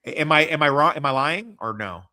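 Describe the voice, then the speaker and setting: A man's voice: on the high side, animated, fairly quick, sharp tone. A man hosting a casual livestream chat, rambling and joking with lots of swearing. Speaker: podcast host.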